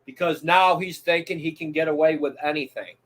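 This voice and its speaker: A man's voice: a little high, brisk, fairly bright tone. A man chatting casually and bluntly, heated and swearing freely. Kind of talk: casual profane chat.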